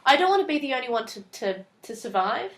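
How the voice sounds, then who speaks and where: A woman's voice: sits high, very animated, fast. A woman co-hosting a podcast, chatting casually as she recaps episode plots and quotes characters. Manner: chatty, recaps plot and acts out lines in quotes. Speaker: podcast co-host. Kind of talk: casual chat.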